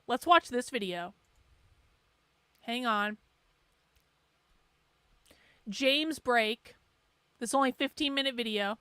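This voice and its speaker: A sarcastic woman host talks loosely over a clip she is playing for her viewers. Her voice sits fairly high, and the sound is close and dry with no room around it. She jumps in, laughs and cuts other speakers off. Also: a little slow, fairly bright tone, clear, resonant tone, dry recording. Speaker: livestream host. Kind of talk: casual commentary while watching a video.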